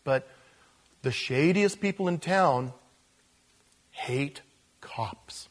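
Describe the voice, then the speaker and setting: A man's voice: a little high, drawn-out words, slightly rough. A man preaching a conversational sermon, acting out bits of dialogue as he explains scripture. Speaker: pastor.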